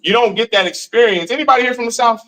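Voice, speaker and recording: A man's voice: extremely high pitch, fast, fairly bright tone, low-quality recording. A man from Missouri giving a preachy street lecture, telling stories and putting questions to the room. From Missouri, USA.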